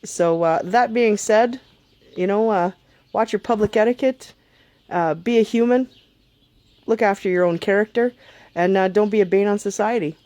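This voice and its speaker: Woman, vlogger, profane advice rant, sarcastic, blunt, mid pitch. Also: moderate pace, long pauses, warm tone, dry recording. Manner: blunt, sarcastic, swears a lot.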